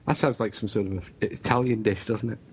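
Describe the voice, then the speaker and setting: A man co-hosting a radio show, joking and teasing his co-host with quick asides. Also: lowish voice, steady tone, slight background noise. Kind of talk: casual radio banter.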